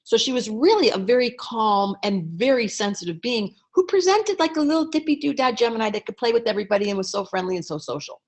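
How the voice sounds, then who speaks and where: A middle-aged woman astrologer telling a story to an audience in a lively way, acting out quoted lines and clearing her throat now and then. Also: quick pace, few pauses. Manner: lively storyteller, acts out quotes with raised pitch. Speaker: astrologer and teacher.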